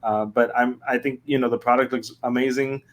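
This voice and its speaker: A man's voice: medium pitch, fairly quick. A man hosting a live-stream panel discussion over a video call, encouraging and affirming his guests. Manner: even, encouraging, frequent affirmations. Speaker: host.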